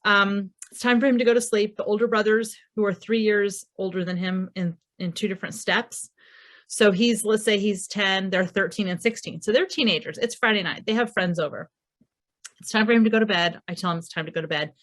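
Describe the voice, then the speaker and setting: A woman's voice: medium pitch, a little fast, fairly bright tone. A woman presenting a recorded parenting masterclass in a conversational way, acting out quoted dialogue as she speaks.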